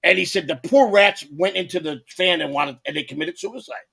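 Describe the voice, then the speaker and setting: A man's voice: a little high, brisk, gravelly, bright, forceful tone, husky. A man co-hosting a podcast, telling rambling stories with lots of repeats and swearing. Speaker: podcast co-host. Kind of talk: rambling casual storytelling.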